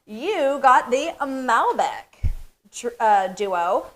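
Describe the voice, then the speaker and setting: A middle-aged woman hosting a live stream for her company, talking in an emotional, effusive way with bursts of excitement. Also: on the high side, extremely slow.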